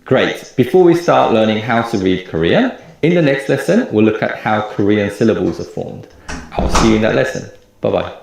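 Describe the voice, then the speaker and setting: A man teaching a recorded lecture, explaining clearly and repeating example words slowly. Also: on the low side, lively intonation, very echoey, background noise. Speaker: language teacher.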